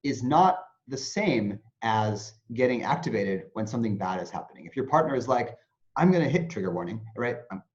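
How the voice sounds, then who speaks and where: A man, an interview guest who teaches mindfulness, explaining in an animated way and acting out anxious inner voices. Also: on the low side, normal speed, hardly any pauses. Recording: dull lo-fi sound.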